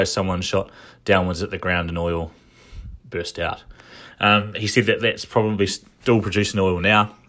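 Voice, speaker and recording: A man with a low, deep voice talks through his thoughts in a casual commentary. He often restarts his sentences and wanders into asides as he goes. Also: fairly bright tone. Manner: thinking aloud, frequent restarts and asides. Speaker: commentator recapping a shareholder meeting.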